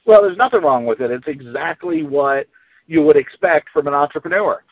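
A man's voice: on the high side, animated, moderate pace, dry recording. Hesitant male co-host, dry lo-fi sound. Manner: hesitant, many fillers and restarts. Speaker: podcast co-host. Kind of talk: casual podcast chat.

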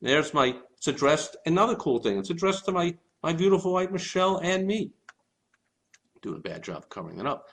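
A man's voice: a little high, big pitch swings, a little fast, vocal fry, fairly bright tone, poor audio. Chatty enthusiastic middle-aged man. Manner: chatty, enthusiastic, rambling with fillers. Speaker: marketing vlogger. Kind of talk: casual talk to camera. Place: room in his home, indoors.

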